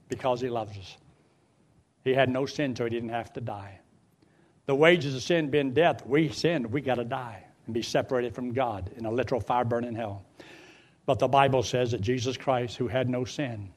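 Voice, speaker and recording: An older man preaching a sermon, swinging from loud outbursts to low, quiet pleading.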